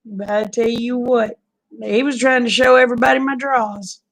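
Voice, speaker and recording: A woman, chatting casually with viewers on a livestream, folksy and quick to laugh. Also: on the high side, fairly even intonation, rough recording. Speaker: livestream host.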